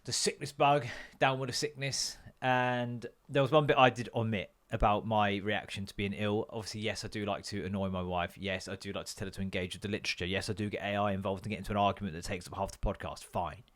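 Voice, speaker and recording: A man's voice: on the low side, steady tone, fast talker, hardly any pauses, a bit bright. A man hosting a podcast, chatting casually and swearily, joking and acting out quotes in other voices. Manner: sweary, jokey, acts out quotes. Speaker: podcast host and comedian. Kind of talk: casual rambling chat.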